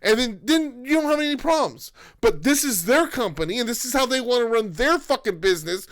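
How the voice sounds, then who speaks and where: A man's voice: extremely high pitch, animated, brisk, hardly any pauses, fairly bright tone. A man co-hosting a podcast, giving blunt, profane opinions in casual chat. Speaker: podcast co-host.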